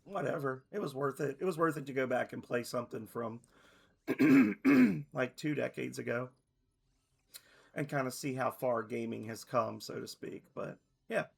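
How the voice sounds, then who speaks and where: Man, 30s, game streamer, gravelly, slightly hoarse, loose rambling chat. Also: medium pitch, lively intonation, moderate pace. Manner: rambling, loose, self-correcting.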